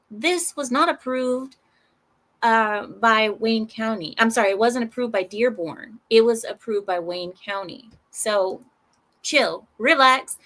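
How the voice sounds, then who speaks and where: A woman of Arab heritage giving casual news commentary, sarcastic and animated, with rambling restarts. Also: fairly high pitch. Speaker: commentary channel host.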